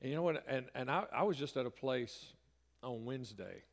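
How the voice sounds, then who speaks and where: A middle-aged pastor delivers a folksy, conversational sermon. His voice sits at an ordinary pitch for a man and climbs into emphatic bursts. The sound carries a long reverb from the church hall. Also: animated, brisk. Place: church sanctuary.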